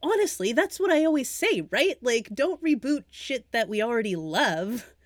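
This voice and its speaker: A woman co-hosting a podcast, chatting casually about films, animated and often laughing as she trails off into asides. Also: a little high, moderate pace, no room sound, studio quality. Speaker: podcast co-host. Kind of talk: casual film chat.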